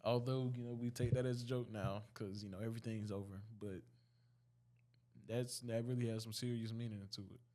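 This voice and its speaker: A young man in his late teens, a high school student, casually telling a story in a laid-back way with frequent fillers and restarts. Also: steady tone, brisk, warm tone.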